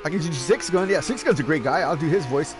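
A man giving casual, joking commentary on an online sim race, excitable and quick to laugh. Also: fairly high pitch, music in the background. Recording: noisy background.

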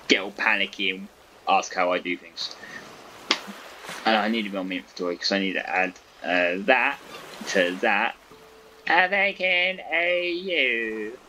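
A man talking to himself through a survival game, excitable and prone to swearing, with game music behind him. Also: on the low side, a little hiss or hum. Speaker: gaming YouTuber. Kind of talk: let's-play commentary.

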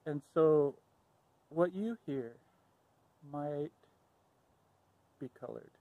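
A man tells a playful, improvised fairy-tale retelling, rambling a little and catching himself mid-sentence. His voice sits a touch high for a man, with a dry, close sound. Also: drawn-out words, no echo, narrow, tinny audio. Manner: rambling, playful, self-correcting. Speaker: storyteller. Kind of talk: improvised storytelling.

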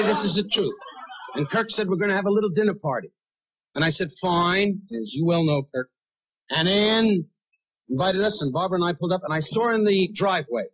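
Brash, husky roast comic man. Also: sits high, poor audio. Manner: brash rapid-fire insult humor; bursts into shouted punchlines. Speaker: roast comedian. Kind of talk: stand-up roast routine.

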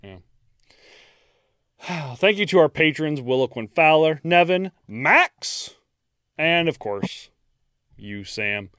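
A man with a Midwestern American accent co-hosting a podcast, joking and laughing as he reads shout-outs. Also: lively intonation, takes it slowly, long pauses, clean tone, no echo, clean studio sound. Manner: jokey, laughs a lot, swings pitch widely. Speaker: podcast co-host. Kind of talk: casual podcast chat with plugs.

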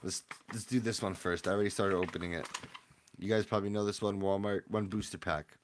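A young man hosting a casual livestream from his room at home, chatting in relaxed slang and jumping from quiet mumbles to sudden loud yells. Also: sits low, a little fast, slight background noise. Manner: laid-back slangy banter with chat. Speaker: livestream host opening card packs.

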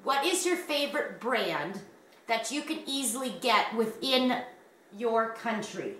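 A Canadian woman hosts a crochet video, chatting casually, rambling, and laughing often. Her fairly high voice is animated, unhurried, and a bit bright, picked up by a distant mic in a roomy space.

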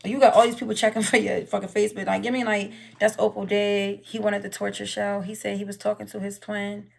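A woman hosting a live stream, talking in a loud, profane, rapid-fire way in a heated casual chat. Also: mid-range voice, level tone, vocal fry.

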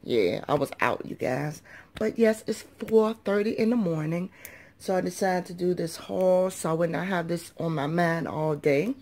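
A woman's voice: fairly low pitch, a little slow, a little mellow. Groggy-voiced woman in a chatty haul vlog. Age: adult parent of young children. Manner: chatty, addresses viewers as y'all and subbies. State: groggy early-morning voice. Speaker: couponing vlogger.

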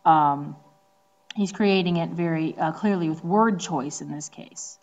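A woman teacher from the Northeastern United States giving a casual recorded lecture, explaining terms with frequent ums and slowing down to stress key words. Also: lowish voice, a little mellow, muffled recording.

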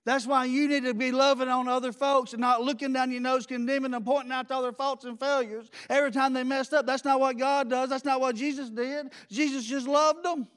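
Intense blunt pastor, man, high pitched, preaching folksy in church. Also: level tone, fairly quick, hardly any pauses, fairly bright tone. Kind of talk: sermon.

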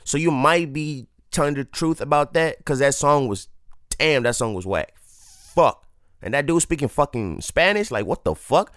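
A man's voice: on the high side, animated, normal speed, fairly bright tone, dry recording, clean studio sound. A man hosting a reaction video, talking casually with constant swearing and street slang. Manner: loose, swearing, slangy, laughs at the track. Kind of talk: casual profane reaction commentary.

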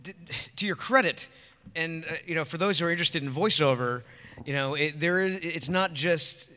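A man's voice: fairly high pitch, normal speed. A man in his forties from Rhode Island, a voice actor on a convention panel, telling stories with enthusiasm. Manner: enthusiastic, animated storyteller. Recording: reverberant hall through PA.

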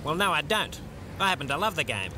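A man with an Australian accent playing a prim middle-aged TV cricket commentator in a comedy sketch, clipped and measured, polite to people's faces but rude under his breath. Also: on the high side, very animated, crowd noise.

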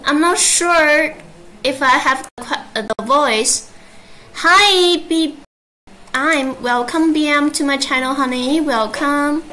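A woman with a Chinese accent hosting a live-stream sales presentation in English, halting and repeating her greetings. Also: sits high, sharp tone, slight background noise, low-quality recording. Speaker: livestream sales host.

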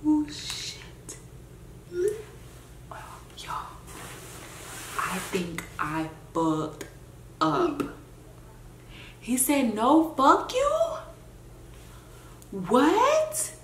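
A young woman vlogging after pulling a prank, cussing and giggling, moving between whispers and excited boasting. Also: sits high, drawn-out words, long pauses, reverberant, a little hiss or hum. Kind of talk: casual vlog chat. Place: indoors at home.

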